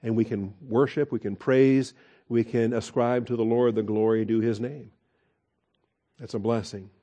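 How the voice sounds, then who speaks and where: Mellow-voiced man preaching conversationally. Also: medium pitch, fairly even intonation, normal speed, dull audio. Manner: conversational preaching with fillers and rhetorical questions. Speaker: pastor. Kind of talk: sermon.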